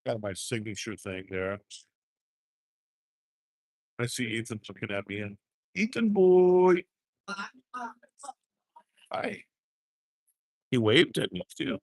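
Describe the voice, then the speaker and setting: Slow-talking folksy man on a livestream. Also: fairly low pitch, fairly bright tone, no echo. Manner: folksy, drawling greetings. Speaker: livestream host. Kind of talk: casual livestream chat. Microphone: handheld gimbal camera.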